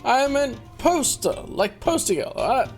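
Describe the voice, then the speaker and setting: A woman's voice: high voice, very animated, a little slow, faint music behind, voice pushed up. A woman voicing a cocky young male street thug who is lovestruck, talking in slangy gangster swagger.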